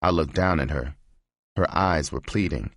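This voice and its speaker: A man narrating a novel as an audiobook reading, in a measured, steady way. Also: a bass voice, dry recording, clean studio sound.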